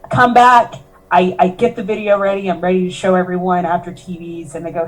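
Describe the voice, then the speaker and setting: A professional wrestler appears as a podcast guest, telling her story in a candid interview, earnest and emotional, often quoting herself and others. Her voice is fairly low with fairly even intonation, a little fast, and the recording quality is low.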